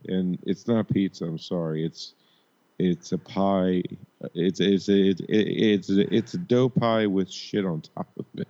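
Male podcast host, lowish voice, halting casual chat, lo-fi sound. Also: dark tone. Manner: rambling, halting banter.

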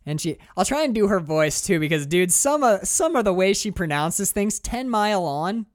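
Animated man retelling a film scene. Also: high-pitched, dry recording, studio quality. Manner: animated, profane, quick storytelling. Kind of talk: casual film discussion.

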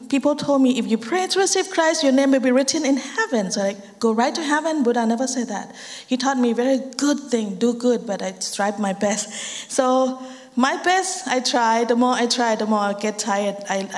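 A young Thai woman gives a personal testimony in English, her first language being Thai, and her accent is clear. Her voice sits fairly high, and she talks in earnest, halting phrases with many restarts. The sound carries a long reverb, as if she is in a large hall. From Thailand. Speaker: speaker giving a testimony.

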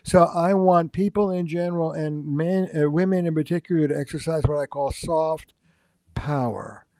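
Dark-voiced older man, animated. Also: a little high, normal speed, dry recording. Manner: animated storyteller who acts out quoted dialogue. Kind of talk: conversational podcast interview.

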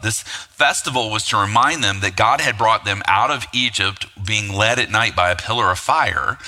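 Pastor guy preaching, chatty with lots of asides, kinda low voice, long echo like a big church hall. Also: pushed and bright. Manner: conversational, rhetorical asides, frequent fillers. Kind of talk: sermon.

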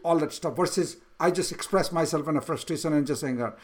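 A middle-aged man, a father talking with his son on a podcast, speaking haltingly with many restarts and fillers. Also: a little high, fairly even intonation, bright, forceful tone. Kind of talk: casual conversation with his son.

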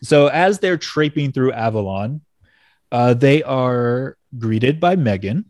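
A man's voice: mid-range voice, lively intonation, takes it slowly, a little mellow, no room sound. Man recapping casually, dry close sound. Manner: loose, profane retelling with frequent laughs and fillers. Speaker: podcast host recapping a comic issue. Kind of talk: casual chat.

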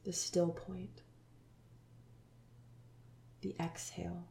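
A woman in her thirties hosting a spiritual podcast, talking earnestly and dropping into soft whispers. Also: on the low side, level tone, extremely slow, creaky, reverberant, a little hiss or hum. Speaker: podcast host.

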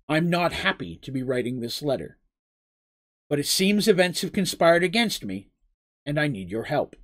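A man reading a letter as a proud, earnest gully king writing to old friends, in a storybook reading. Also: a little high. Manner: earnest, letter read in a plain voice.

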